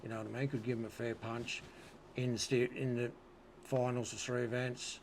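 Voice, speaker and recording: An Australian-accented man tells rodeo stories as an interview guest, laid-back and swearing freely, often asking "you know what I mean." His mid-range voice barely moves in pitch, sits at a moderate pace, and sounds a little mellow, with slight hiss or hum.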